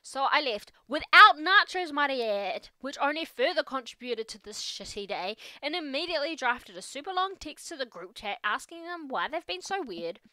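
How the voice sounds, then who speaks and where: A woman voicing an upset teenage daughter in a game, venting in a rapid, gossipy way. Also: sits high, sing-song, bright, forceful tone, voice pushed up, heavily acted.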